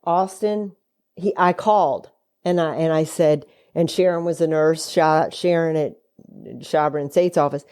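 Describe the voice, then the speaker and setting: A woman's voice: steady tone, moderate pace, a little mellow, clean tone. A middle-aged woman and mother, telling a long story in casual chat and acting out what people said. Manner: chatty, acts out quoted speech with shifting pitch. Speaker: guest, host's mother.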